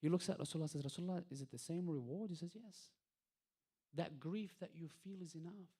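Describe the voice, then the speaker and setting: A male lecturer delivering a religious talk, posing rhetorical questions and swinging between soft passages and emphatic peaks. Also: on the high side, quick pace, husky. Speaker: lecturer at an Islamic centre.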